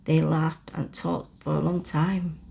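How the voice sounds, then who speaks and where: A woman reading a classic children's book aloud in a slow, soft whispered role-play. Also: low voice, flat delivery, gravelly, breathy edge. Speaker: ASMR storyteller.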